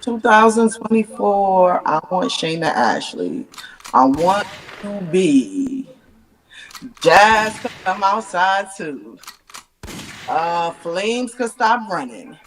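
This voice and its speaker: A woman's voice: mid-range voice, sing-song, slow pace. A woman who is a battle rapper, speaking as a guest in a casual interview. She has a laid-back manner and laughs easily. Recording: distant mic with faint noise.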